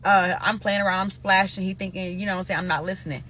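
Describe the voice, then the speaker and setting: A woman from Nebraska casually telling a personal story to viewers, animated and profane, calling them "y'all". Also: mid-range voice, quick pace, a little hiss or hum. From Omaha, Nebraska.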